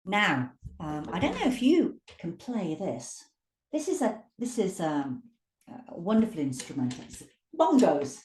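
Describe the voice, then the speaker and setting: A woman teaching English pronunciation, drawing out words slowly and stressing syllables to demonstrate. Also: lowish voice, far from the mic. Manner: slow, drawn-out demonstrative speech with lively emphasis. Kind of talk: pronunciation lesson. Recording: echoey room.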